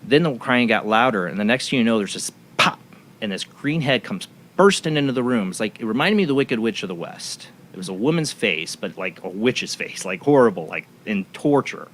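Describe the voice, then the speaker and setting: A man's voice: lowish voice, expressive, a little fast, hardly any pauses, a little hiss or hum. A man hosting a talk show, telling a personal story in a rambling way with many restarts. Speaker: radio show host. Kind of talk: casual radio talk show chat.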